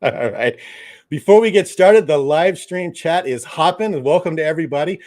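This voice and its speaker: Loud joking man hosting. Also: a little high, lively intonation, normal speed. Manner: loud, joking, laughs often. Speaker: livestream host. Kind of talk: casual live stream chat.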